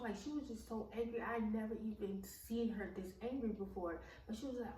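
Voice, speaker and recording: A young woman tells a personal story in a casual vlog, blunt and swearing freely, with lots of "like" and "um." Her voice is fairly high with a darkish tone, and she talks fast with hardly any pauses. The mic is distant, giving roomy echo and faint background noise.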